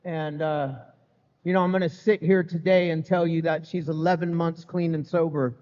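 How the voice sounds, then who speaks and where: A middle-aged man with a fairly high voice gives a candid, joking testimony to a live crowd, speaking loosely and conversationally. His voice rings out in a long hall reverb, and the sound is a bit muffled. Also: level tone, normal speed, darkish tone. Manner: candid, humorous, conversational, peppered with "man" and "you know". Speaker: speaker sharing his recovery story. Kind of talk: live recovery testimony to an audience. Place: event hall with live audience.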